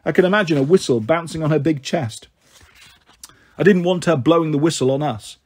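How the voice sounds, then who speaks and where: Husky male reader of a children's novel. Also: a little fast. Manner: voices the characters with a raised pitch. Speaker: storyteller. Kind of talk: reading a children's novel aloud.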